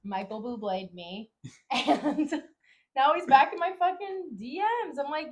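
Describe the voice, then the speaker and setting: A woman's voice: high voice, a little slow, darkish tone. A young woman co-hosting a casual podcast chat, telling stories animatedly and quoting herself with big jumps in her voice. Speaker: podcast co-host.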